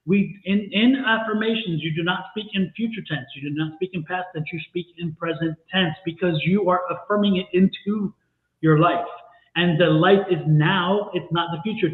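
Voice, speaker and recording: A man giving tarot readings on a live stream, stressing points by repeating phrases. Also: sits high. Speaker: tarot reader. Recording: echoey phone-like live-stream audio.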